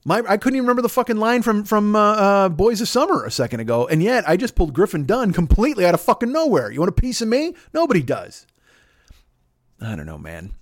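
A man delivering a rambling, profane comedic monologue as podcast host, stammering through restarts and shouting out bits. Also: high-pitched, very animated, fast, dry recording, studio quality. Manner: shouts bits in put-on voices.

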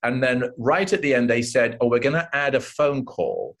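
An older English man, an actor guest, telling animated stories in an interview and acting out the voices of the people in them. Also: mid-range voice, normal speed. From England. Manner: animated anecdotes, acts out voices of others. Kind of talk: casual interview storytelling.

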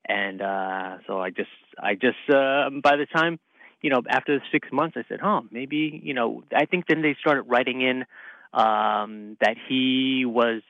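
A man talking through a muffled, lo-fi phone connection in a very dry sound. He chats casually as an interview guest and tells a meandering story while poking fun at himself. His voice sits at an ordinary middle pitch. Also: a little slow, no echo. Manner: rambling storyteller, laughs at himself. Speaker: guest actor. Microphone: phone call. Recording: dull lo-fi phone line.

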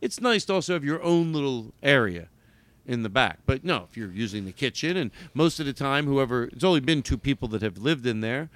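A man hosting a podcast in casual chat, rambling and animated, breaking into loud shouted bits. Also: medium pitch, a little fast, no room sound. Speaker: podcast host.

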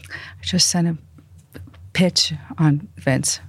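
A middle-aged woman from New York, a podcast guest telling animated stories and acting out the voices of people she quotes. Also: sits low, slow, no room sound. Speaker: interview guest. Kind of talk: casual storytelling.

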